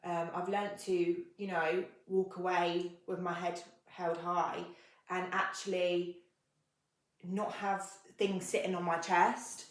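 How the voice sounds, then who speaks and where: A woman's voice: on the low side, level tone, slow pace, reverberant, low-quality recording. A woman co-hosting a podcast, talking openly and earnestly with frequent hesitant ums. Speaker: podcast co-host. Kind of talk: candid conversational podcast chat.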